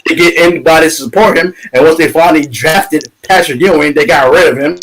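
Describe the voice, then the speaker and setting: A man's voice: a little high, a little fast, a bit bright, rough recording. A man co-hosting a sports podcast, ranting heatedly, swearing and trash-talking rival fans. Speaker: podcast co-host.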